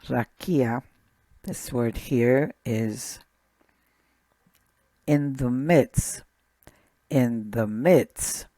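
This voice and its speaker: Woman, language teacher, deliberate, dry close sound, deep voice. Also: dark tone, no room sound. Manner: slow, deliberate, repeats each word. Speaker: Hebrew teacher. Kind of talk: slow recorded lesson.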